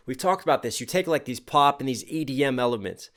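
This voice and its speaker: A man's voice: mid-range voice, expressive, fast talker. A young adult man, a rapper, giving an enthusiastic casual reaction and picking apart lyrics line by line. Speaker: rapper reacting to a music track.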